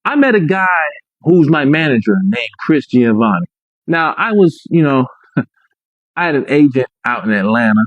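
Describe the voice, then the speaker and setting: A man's voice: medium pitch, big pitch swings, normal speed, dry recording. Emphatic man on muffled dry audio. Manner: emphatic, repeats points, asks "right?". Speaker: man telling his own story. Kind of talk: emphatic personal account.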